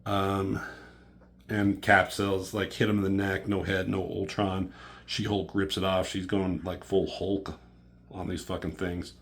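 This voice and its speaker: Profane excitable man recapping comics. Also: sits low, a little slow. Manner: profane, excitable, filler-heavy retelling. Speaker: comic book reviewer.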